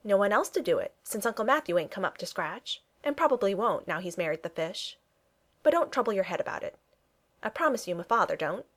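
A good-natured young Regency gentleman, blunt and clipped, as a woman narrator puts him on. His phrases bounce up and down with lively pitch. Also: a little fast. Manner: clipped speech, dropped pronouns.

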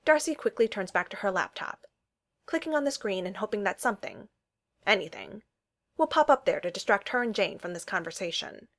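A woman narrating a story in an expressive reading voice. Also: medium pitch, a little fast. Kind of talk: fan fiction story reading.

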